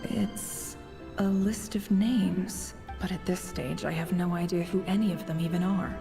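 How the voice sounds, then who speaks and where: A sneaky adventurer, whispered role-play. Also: female voice, lowish voice, fairly even intonation, a little slow, over music. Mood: hushed curious. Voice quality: whispered, gravelly. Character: curious young woman adventurer searching an office.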